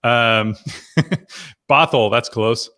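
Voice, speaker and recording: A man's voice: mid-range voice, extremely slow, bright, forceful tone. Chatty middle-aged male host. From New Jersey. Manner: chatty, rambling, with frequent fillers and laughs. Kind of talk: live online members' chat.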